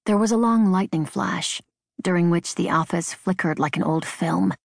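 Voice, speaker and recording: A woman reading an unabridged novel in measured, even scripted narration. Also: on the low side, gravelly, dry recording. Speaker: audiobook narrator. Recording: dry studio booth.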